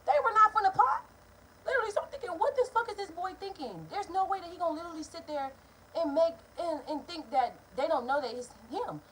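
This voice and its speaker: A young woman vlogger telling a story, blunt and profane in an animated casual storytime. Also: extremely high pitch, quick pace, a little hiss or hum, low-quality recording.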